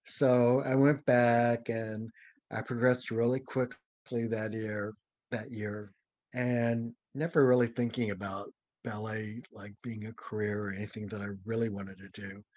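An older man from St. Louis, a dancer being interviewed, telling a story with lively, acted-out quotes and chuckles. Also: lowish voice, measured pace, no room sound. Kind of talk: anecdotal storytelling.

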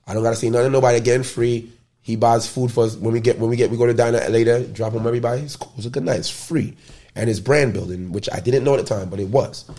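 Fast and mid-range, this Bronx man's voice carries loose, slangy tales told as an interview guest. His storytelling is animated and peppered with profanity, in a casual, story-driven conversation.

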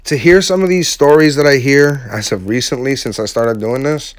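A man's voice: mid-range voice, moderate pace, dry recording, studio quality. A man giving a heartfelt, casual motivational talk to his viewers, using slang and emphatic repetition. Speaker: vlogger speaking to his audience.

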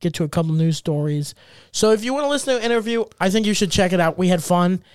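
A man's voice: high-pitched, expressive, fast, a little mellow, clean tone, no echo, studio quality. A young man co-hosting a comedy podcast, a rambling storyteller who laughs often and acts out what others said. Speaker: podcast co-host and stand-up comedian. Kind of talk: casual comedic podcast chat.

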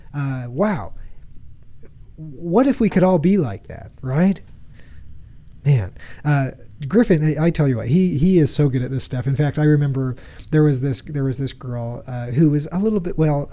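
A man's voice: fairly high pitch, dark tone. A man in his thirties giving an earnest, conversational talk to an audience. He tells personal stories and repeats himself as he goes. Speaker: speaker addressing an audience.

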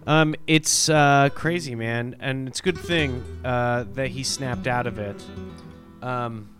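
A man co-hosts a podcast and chimes in with quick jokes and questions in a relaxed chat. His voice sits at a middle pitch, with faint music in the background. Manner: chatty, joking listener who chimes in. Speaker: podcast co-host. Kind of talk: casual chat.

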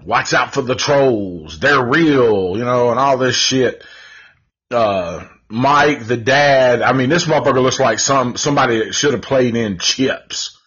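A man's voice: mid-range voice, a bit bright, breathy edge. A man reviewing movies in a rambling, laid-back, profane way on a casual live stream. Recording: dull lo-fi audio.

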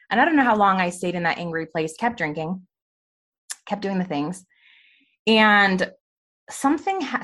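A woman in her thirties, a podcast guest candidly telling her personal story with lots of "like" and "you know". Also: medium pitch. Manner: candid, animated storytelling with frequent "like". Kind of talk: personal testimony in a faith podcast interview.

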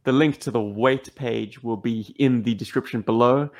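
A man hosting a podcast, talking casually and then making measured announcements. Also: medium pitch, fairly even intonation. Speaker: podcast host.

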